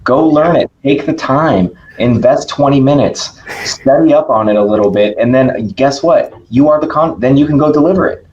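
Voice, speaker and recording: A man talking as a podcast guest in casual conversation, energetic and emphatic, often checking in with "right?". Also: mid-range voice, normal speed, few pauses, dull audio.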